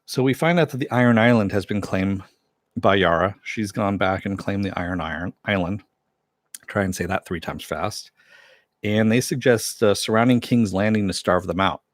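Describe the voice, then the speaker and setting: A man's voice: lowish voice, normal speed, dry recording. A man giving a casual, chatty recap of a TV episode, retelling scenes with loose asides and the odd swear word. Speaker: TV show reviewer.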